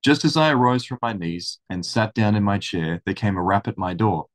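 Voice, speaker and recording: A man reading a historical account aloud in steady storytelling, then commenting casually. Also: on the low side, moderate pace. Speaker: religious study channel host.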